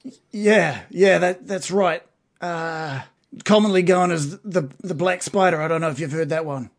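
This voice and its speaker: Wounded dwarf, frightened and rambling, pitched high , played by a man. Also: normal speed, vocal fry. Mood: grim. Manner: shaken, rambling, fearful.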